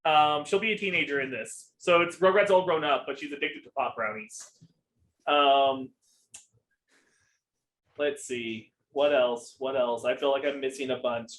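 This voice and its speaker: A man's voice: medium pitch, a little slow, a bit bright, poor audio. A young man co-hosting a podcast, rambling in casual chat with lots of ums and swearing. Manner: rambling, profane, with many ums. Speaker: podcast co-host.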